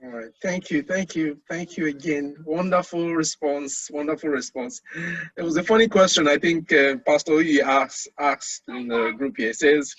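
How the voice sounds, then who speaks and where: A man's voice: fairly high pitch, moderate pace, a bit bright, husky, no room sound. A man moderating a meeting, who gives brief thanks and reads out audience questions. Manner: brief, repeats his thanks. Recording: dull dry lo-fi sound.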